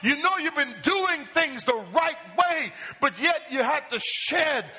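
A male pastor preaches in a church sanctuary and keeps calling on the congregation to answer him. His voice is bright and sharp. A long reverb trails behind his words in the hall. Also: very high-pitched, lively intonation, slow. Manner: asks the congregation questions and calls for answers. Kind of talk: call-and-response sermon.

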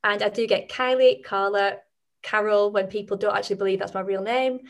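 Woman from the north of england, softened northern accent, chatty, laughs a lot, pokes fun at herself. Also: medium pitch, steady tone, fairly quick. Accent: Northern English, softened. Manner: chatty, laughs often, self-deprecating. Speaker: guest, brand strategist. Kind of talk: casual podcast conversation.

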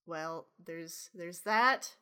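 A woman's voice: lowish voice, drawn-out words, sharp tone, clear, resonant tone. A woman co-hosting a podcast in casual chat, ranting animatedly with lots of swearing and laughter. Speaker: podcast co-host.

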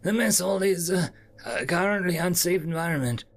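Guy putting on a squeaky nervous alien secretary, stammers a lot, gravelly edge, swoops up and down. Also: expressive, normal speed. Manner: anxious, stammering, deferential. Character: nervous little blue male alien secretary.

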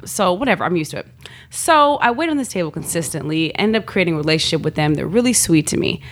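A woman telling a story in casual chat, animated and slangy, often laughing and acting out what people said. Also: on the low side, quick pace, slight background noise. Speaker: guest, model.

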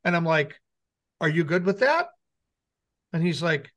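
Middle-aged man, light high voice, casual co-host who tells long anecdotes and plays out the dialogue himself. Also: moderate pace, pauses often, fairly bright tone. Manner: rambling anecdote with acted-out quotes. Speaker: radio show co-host. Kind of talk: casual storytelling chat.

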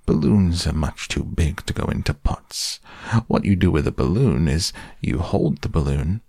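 A man's voice: rumbling low, animated, normal speed, gravelly, dark tone, no room sound, studio quality, heavily acted. A man voicing a friendly, simple male bear, cheerful and earnest, in a storybook reading.

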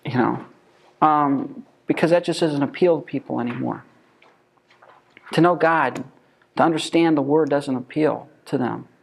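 Male Bible teacher, emphatic, rhetorical, voice sits a bit high. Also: vocal fry. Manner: emphatic, asks rhetorical questions.

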